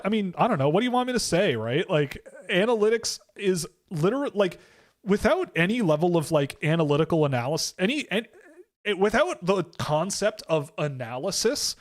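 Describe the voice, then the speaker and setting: A Canadian man hosting a hockey livestream, talking casually and with strong opinions, rambling and restarting, sometimes mocking others in exaggerated put-on voices. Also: sits high. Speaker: host of a hockey prospect livestream.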